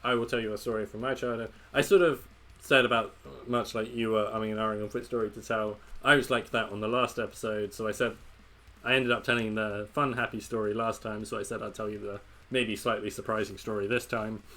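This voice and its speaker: A man's voice: lowish voice, little pitch movement, brisk, a bit bright. Laid-back man hosting a chat. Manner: easygoing, laughs along. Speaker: chat show host. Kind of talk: casual chat.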